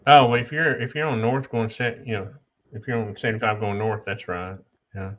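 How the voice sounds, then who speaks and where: Bright-voiced man host on a muffled call. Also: lowish voice, steady tone, brisk. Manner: helpful, chatty, easygoing. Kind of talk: casual chat.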